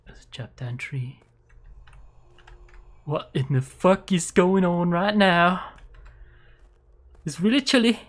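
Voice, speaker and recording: A woman streamer giving live commentary on a horror game, jumpy and swearing, sliding between hushed whispers and startled yelps. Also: on the low side, slow, long pauses. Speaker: virtual streamer.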